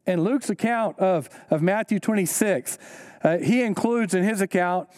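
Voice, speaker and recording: A pastor preaching a sermon, earnest and emphatic, repeating key lines slowly for weight. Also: male voice, a little mellow, no echo, studio quality. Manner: rises in pitch when stressing a point.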